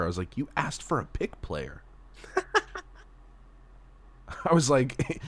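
A man's voice: medium pitch, lively intonation, normal speed, pauses often. A man hosting a casual chat, telling loose stories with a laugh and frequent swearing.

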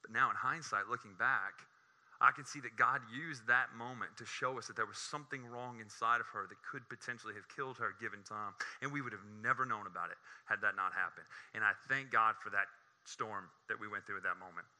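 A man delivers a lively sermon with a very bright, keen edge to his voice. He is animated and joking, and his voice jumps high when he gets excited. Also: fairly quick. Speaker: preacher.

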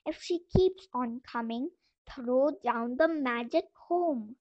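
A sly, skinny black cat, voiced by a woman, purring and hissing its words in a storybook tale. It talks slowly in a high voice. The sound is dull and lo-fi. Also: no room sound. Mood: coaxing. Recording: dull lo-fi voice message.

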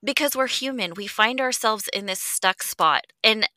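Woman podcast host, bright clear tone, candid and reflective, swears casually, dry close sound. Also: fairly high pitch, normal speed, no room sound. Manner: earnest and reflective, swears freely, sometimes drops to a near whisper. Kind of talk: candid conversational chat.

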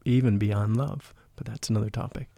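Male interview guest, earnest and emotional, low dark voice, dry room. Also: a little fast, creaky, no room sound. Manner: earnest, emotional, drops to a hushed voice for quotes. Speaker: podcast guest, spiritual life coach. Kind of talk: storytelling in a casual interview.

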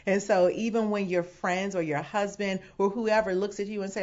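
A woman's voice: medium pitch, steady tone, fast, few pauses, a little mellow. A woman pastor giving a sermon, teaching with emphatic quoted asides and bursts of laughter. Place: home setting away from the sanctuary. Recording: dull lo-fi sound.

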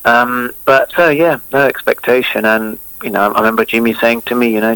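A man's voice: medium pitch, steady tone, a little fast, few pauses, fairly bright tone, clear, resonant tone, no room sound, low-quality recording. A man, a former cricketer, chatting as an interview guest in a rambling way full of fillers. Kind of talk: casual interview chat.

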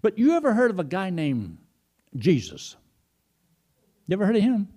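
This middle-aged preacher has a high, warm voice whose pitch swoops wildly, though his pace stays normal. In his sermon he tells folksy stories and replays phone calls by quoting them directly.

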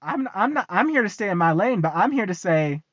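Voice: medium pitch, big pitch swings, a little fast, fairly bright tone. A young American vlogger rants casually to the camera, swearing freely, repeating lines and breaking into frequent laughter. The recording sounds muffled and lo-fi, with a close, dry sound and no room echo. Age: young adult. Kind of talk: casual ranting monologue.

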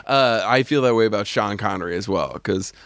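A man's voice: lowish voice, brisk, fairly bright tone, no echo. A young man hosting a podcast, chatting casually, rambling a bit and laughing often as he tells stories. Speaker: podcast host. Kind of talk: casual chat.

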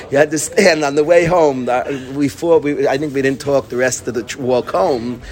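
A man with a slightly higher voice leads an informal Torah class. He tells stories with animation and keeps dropping yeshiva terms into his talk. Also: normal speed. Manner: animated storytelling, breaks into laughter and acts out his study partner; sprinkles Yiddish and Hebrew yeshiva terms. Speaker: Talmud teacher.

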